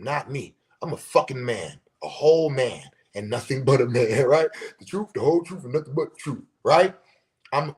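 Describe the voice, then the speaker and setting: A man hosting a podcast, delivering a profane, emphatic monologue and talking with his hands. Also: mid-range voice. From United States. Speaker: podcast host. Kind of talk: casual monologue rant.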